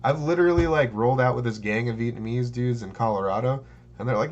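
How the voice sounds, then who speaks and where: A man co-hosting a podcast in casual chat, telling stories and jumping into playful high impressions. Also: brisk, lo-fi sound. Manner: storytelling, jumps into high childlike mimicry. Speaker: podcast co-host.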